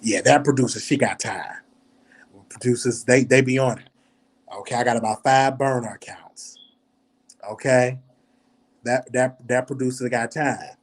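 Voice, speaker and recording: A man's voice: medium pitch, steady tone, measured pace, pauses often. A man with a Southern US accent runs his own show from home late at night, chatting loosely into the camera. He is a little tipsy, rambles, stumbles over repeated words and laughs often at his own remarks. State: tipsy from drinking. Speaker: show host. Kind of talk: casual livestream commentary.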